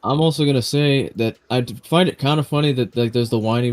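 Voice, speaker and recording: A man's voice: mid-range voice, quick pace, hardly any pauses, a little mellow. Rambling, profane man in casual chat. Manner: rambling, profane, many restarts. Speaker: stream host.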